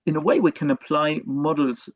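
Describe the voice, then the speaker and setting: A male professor gives an online lecture in a halting way, stopping often on fillers and restarting his phrases. The sound is dull and lo-fi, and the room is dry and close. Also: fairly high pitch, no room sound. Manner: hesitant, many fillers and restarts.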